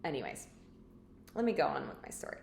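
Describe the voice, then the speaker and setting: A woman's voice: sits low, huge pitch swings, a little fast, vocal fry, a little mellow. A woman vlogger telling a story in a chatty, rambling way, full of filler words. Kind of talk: casual storytelling to camera. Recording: echoey room with faint background noise.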